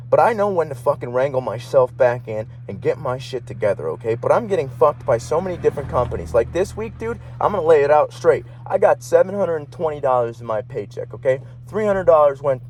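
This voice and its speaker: A man's voice: mid-range voice, darkish tone. Young male podcast host, heated, rambling and profane, a faint hum behind him. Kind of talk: casual ranting monologue.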